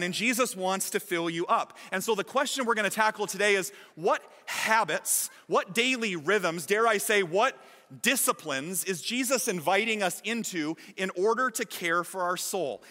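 Bright-voiced man preaching in an echoey hall. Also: high voice. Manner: animated storytelling, shifting from lively to hushed. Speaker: pastor. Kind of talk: sermon.

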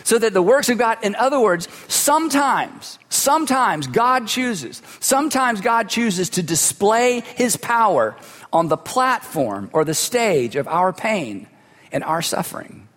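High-voiced pastor preaching in a reverberant hall. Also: male voice, sing-song, unhurried, fairly bright tone. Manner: conversational, storytelling with humor and asides. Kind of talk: sermon.

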